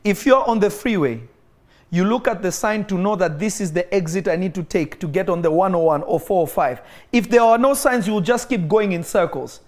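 A man with a high, fairly quick voice preaches a sermon to an online audience. He tells a healing story and urges listeners on with emphatic, repeated phrases, sometimes breaking into praying in tongues.

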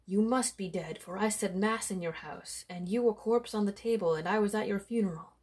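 A woman's voice: medium pitch, moderate pace, a little mellow, breathy edge, lightly acted. A woman voicing a stern village priest who speaks solemnly and lectures.

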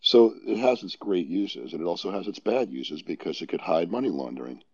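A man with a New York accent explaining his view as a guest on a casual panel discussion, measured and thinking aloud. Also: low-pitched, expressive, a little mellow, breathy edge. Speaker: guest on a legal podcast. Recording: dull lo-fi audio.

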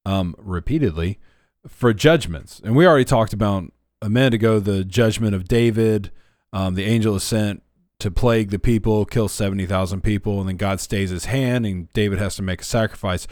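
A man with a lowish voice talks through a Bible study on a podcast. He retells scripture scenes in plain, conversational words, with the odd filler. The sound is dry and close. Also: fairly quick, darkish tone, no echo. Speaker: co-host, former youth minister.

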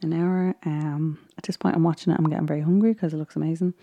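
A woman talks in a loose, rambling vlog chat, full of ums and small laughs. Her voice sits a little low and sounds very dark and mellow, with a gravelly fry running through it. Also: steady tone, fast, lo-fi sound. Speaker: vlogger recapping a baking show. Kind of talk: casual chat.

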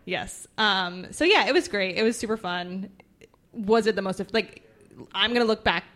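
A woman's voice: mid-range voice, animated, normal speed, a bit bright. A young woman hosting a casual podcast, rambling with fillers and laughing easily. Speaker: podcast host. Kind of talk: casual chat.

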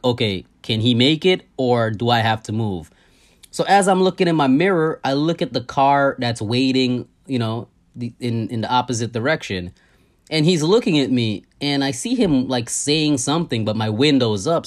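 A man tells a story from his day. He talks in a loose, casual way, swears freely and repeats his key lines for effect. His voice sits at an ordinary middle pitch. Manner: animated, profane, repeats himself. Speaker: podcast host.

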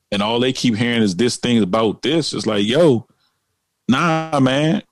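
A man talking with animation in a relaxed chat, leaning on fillers and emphasis. His voice sits at an ordinary pitch. The sound is dry and close, with no room echo. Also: normal speed. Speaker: podcast co-host. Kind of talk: casual chat.

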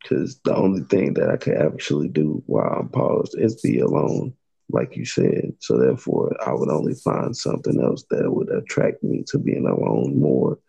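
A man talking low and slangy in casual chat, a little tipsy after a couple of drinks, with a very low gravelly voice. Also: big pitch swings, normal speed, dark tone, low-quality recording.

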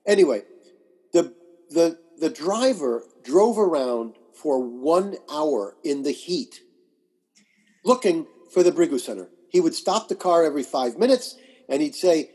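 A man being interviewed as a guest astrologer and author, telling animated anecdotes and acting out the quotes. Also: on the high side, moderate pace, slightly rough. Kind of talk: conversational storytelling.

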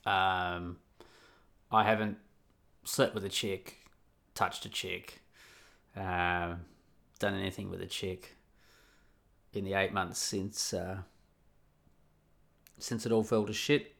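A middle-aged Australian man talks alone into his podcast mic, loose and candid, circling back on himself and swearing freely. His voice sits fairly low yet sounds bright and forceful. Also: level tone, slow pace, vocal fry, pauses often. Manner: rambling and candid, frequent restarts and swearing. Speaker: podcast host. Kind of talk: casual solo podcast monologue.

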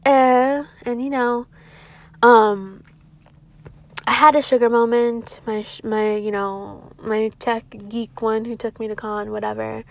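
A young woman vlogs a rambling confessional story, swearing a lot and saying "like" constantly. Her voice is a little high, with vocal fry and flat delivery, spoken slowly with no echo.

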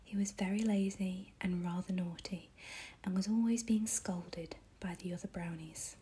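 A woman tells a bedtime fairy tale in whispered role-play, gentle and even. Her whisper is mellow and dark, with a heavily breathy, airy texture. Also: lowish voice, moderate pace. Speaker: storyteller.

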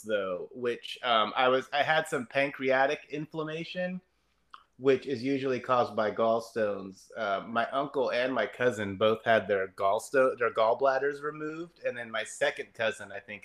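A man of middle pitch chats as a podcast guest. He tells loose, meandering stories and swears freely. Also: a bit bright. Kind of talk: casual chat.

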